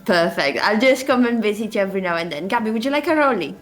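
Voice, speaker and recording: Lively playful woman at the game table. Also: mid-range voice, quick pace, soft background music. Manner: playful and enthusiastic, laughs often. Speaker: player. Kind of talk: casual tabletop play.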